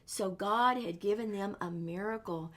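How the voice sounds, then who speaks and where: A woman reads a picture book aloud to children in an animated storytime voice. She exclaims often and pauses to ask her young listeners questions. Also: medium pitch.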